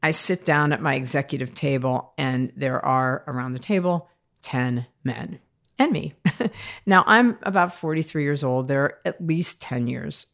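Low-voiced American woman telling stories. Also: measured pace. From United States. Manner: animated, laughs while telling stories. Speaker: guest. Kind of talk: conversational storytelling interview.

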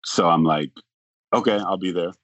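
A man talking as a podcast guest, telling a long story in a rambling way, acting out the other people's lines and filling pauses with "like". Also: sits low, a bit bright, no room sound, muffled recording. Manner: rambling, acts out quoted dialogue, frequent "like". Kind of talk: casual storytelling.

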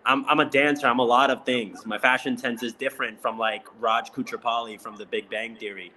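A man's voice: medium pitch, fairly even intonation, brisk, pushed and bright, a little hiss or hum. A man, a reality show contestant, chatting casually in an interview, laughing often and filling his talk with "like". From Indian heritage.

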